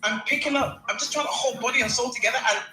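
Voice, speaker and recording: A woman in her forties on a live call, recounting a painful personal story in a halting way, repeating and restarting words. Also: fairly high pitch, sharp tone, roomy sound, low-quality recording. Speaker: caller sharing her story.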